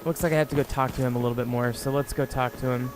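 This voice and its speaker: A man's voice: mid-range voice, fairly even intonation, rapid-fire. Chatty man talking over a video game. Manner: chatty, rambling, with frequent fillers. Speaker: let's player. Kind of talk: casual gameplay commentary. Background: game music.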